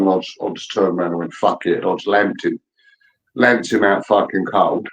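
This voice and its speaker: A man's voice: low-pitched, steady tone, brisk, rough recording. A man telling a rowdy story in casual chat, blunt and full of swearing. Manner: blunt, profane, laddish storyteller.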